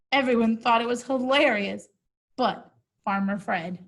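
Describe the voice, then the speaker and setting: A woman reads a children's story aloud and keeps stopping for casual, amused remarks to her listeners. Her voice is slightly high and husky, and she takes her time with every phrase. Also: unhurried, poor audio. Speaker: storybook reader. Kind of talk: reading a picture book aloud with chatty asides.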